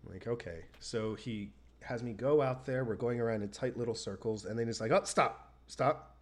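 A man's voice: medium pitch, a little fast. Man telling a road-trip story casually. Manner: animated storytelling, acts out quoted people. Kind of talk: casual chat.

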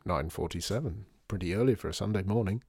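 A low, soft, savouring voice for a charming disgraced store owner, as a man puts him on, taking his time over every word. The tone is a little husky and dry, in a storybook reading. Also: no echo, heavily acted. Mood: relishing. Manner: low, unhurried, relishing. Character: cheerful smooth-talking disgraced male store owner.

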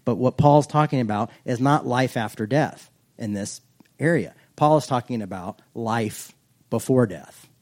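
A man preaching a casual, humorous sermon, chatty and self-joking, reading scripture slowly and deliberately. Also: mid-range voice, a little mellow. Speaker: pastor.

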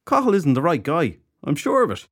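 A man's voice: a little high, huge pitch swings, brisk, no room sound, clean studio sound, voice pushed up. Man voicing a sarcastic fairy detective. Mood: grave. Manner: sarcastic, blunt. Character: sardonic adult male fairy detective.

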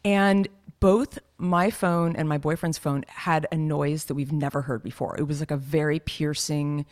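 A woman's voice: low voice, fairly even intonation, moderate pace, darkish tone. A woman co-hosting a podcast in casual chat, talking loosely with plenty of fillers and frequent laughs. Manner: chatty, laughs often, lots of fillers. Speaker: podcast co-host.

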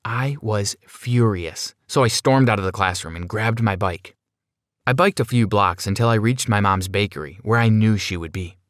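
A man narrating a first-person story in a steady, plain storytelling manner. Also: lowish voice, normal speed, dry recording, studio quality.

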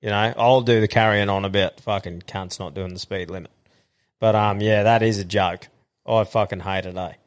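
A man's voice: lowish voice, fairly even intonation, moderate pace. A man with an Australian accent co-hosting a casual podcast, blunt and full of swearing. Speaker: podcast co-host. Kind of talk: casual chat.

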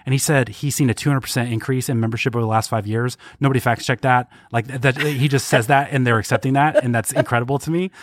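A man co-hosting a podcast, talking quickly with wry, joking commentary. The recording is dry and close. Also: mid-range voice, steady tone, dry recording. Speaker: podcast co-host. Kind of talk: casual chat.

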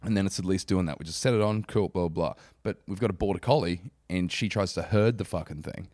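A man's voice: low voice, quick pace, darkish tone, no echo, studio quality. A young man co-hosting a podcast in casual, sweary banter, laughing often and reading out a story. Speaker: podcast co-host.

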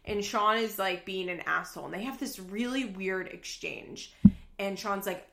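A woman's voice: mid-range voice, moderate pace, gravelly, bright, forceful tone, echoey room, a little hiss or hum. A woman hosting a casual podcast, recapping a reality show in a chatty, sarcastic way and swearing freely. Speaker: podcast host.

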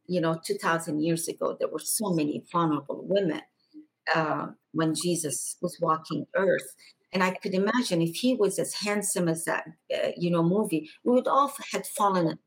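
A middle-aged woman from Egypt telling a personal spiritual testimony as a guest, in a slow, halting and emotional way. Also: on the low side, breathy edge, poor audio.

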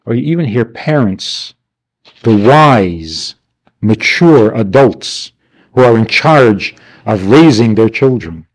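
A man's voice: fairly low pitch, expressive, slow pace. A man teaching a class, asking rhetorical questions and answering them himself with wry, mock-indignant asides. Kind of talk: class lecture.

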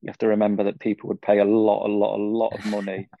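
A young Englishman chats in a gravelly, flat, low voice, rambling easily with lots of fillers. The sound is dull and lo-fi, and the room is dry with little echo. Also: fast. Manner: easygoing, rambling, frequent fillers. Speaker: cycling pundit guest. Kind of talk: casual interview chat.

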